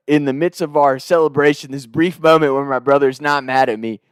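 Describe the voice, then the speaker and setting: A man's voice: a little high, fairly quick, few pauses, smooth, no room sound, studio quality. A man casually telling a comic story, rambling and profane, laughing between his lines.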